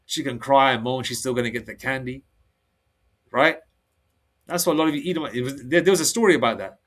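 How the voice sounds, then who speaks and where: A man preaching in a rambling, excitable monologue, with many restarts and slow read-aloud scripture passages. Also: mid-range voice. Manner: reads scripture slowly, aloud; excitable, heated outbursts. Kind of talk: solo religious monologue.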